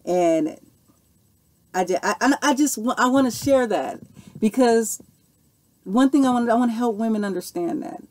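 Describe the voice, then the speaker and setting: A woman's voice: a little high, expressive, normal speed, pauses often, darkish tone. A woman, telling a personal story and answering viewer questions in a casual, earnest way, often saying "okay" and "you know". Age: 40s. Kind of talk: casual Q&A monologue.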